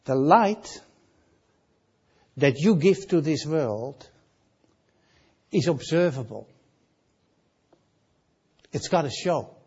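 A man preaching a sermon, emphatic and repeating key phrases, asking the congregation questions and dropping to a hush on key lines. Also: a little high, expressive, very slow, long pauses, husky, lo-fi sound. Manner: drops to a near hush on key lines, rises loud on others.

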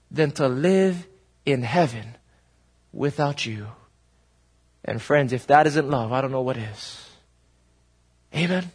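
A man's voice: medium pitch, lively intonation, slow, long pauses, breathy edge. A man preaching a dramatic, emphatic sermon, often calling his listeners "friends.". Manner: emphatic and dramatic, repeatedly addresses the audience as "friends".

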